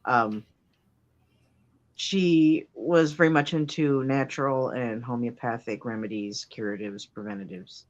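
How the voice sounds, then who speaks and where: A woman's voice: very deep voice, measured pace, lo-fi sound. A woman telling a playful anecdote about her mother, acting out the voices of the people in it. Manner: playful, lively storyteller who acts out voices. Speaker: guest storyteller. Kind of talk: animated anecdote.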